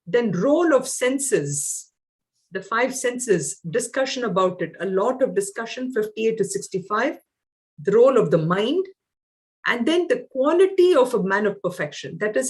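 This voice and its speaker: A middle-aged woman teaching a scripture lecture, explaining verses with frequent fillers and reciting lines of Sanskrit. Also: mid-range voice.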